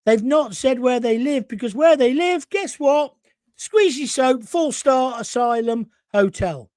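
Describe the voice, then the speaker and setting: A man's voice: very high voice, animated, a little slow, darkish tone, dry recording, clean studio sound. A man hosting an opinionated talk show, ranting sarcastically and reading out viewer messages. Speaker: show host.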